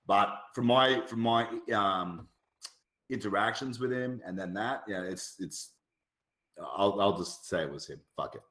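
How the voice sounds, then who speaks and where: A man on a casual podcast, talking bluntly and with lots of profanity, telling animated stories. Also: lowish voice, unhurried. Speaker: podcast guest. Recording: roomy echo.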